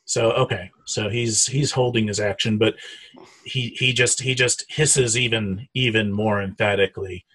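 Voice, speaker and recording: Man, tabletop game master, husky low voice, halting delivery. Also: steady tone, fairly bright tone. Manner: hesitant, many fillers and restarts.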